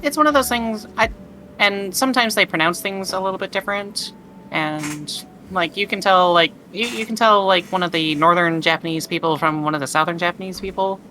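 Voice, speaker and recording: A woman's voice: lowish voice, a little fast, sharp tone. A young woman guest chatting casually, rambling with lots of fillers. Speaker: guest, variety streamer. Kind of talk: casual chat.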